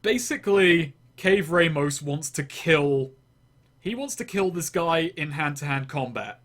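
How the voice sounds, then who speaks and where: A man's voice: fairly high pitch, expressive, measured pace, fairly bright tone. A man running a tabletop game as game master, describing scenes in a loose, rambling way and often restarting his phrases.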